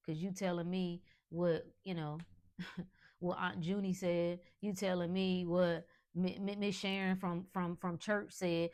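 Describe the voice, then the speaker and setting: A woman's voice: lowish voice, flat delivery, a little slow, darkish tone. A woman hosting a podcast, delivering an emphatic, preachy motivational monologue in colloquial speech, breaking into laughs. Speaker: podcast host.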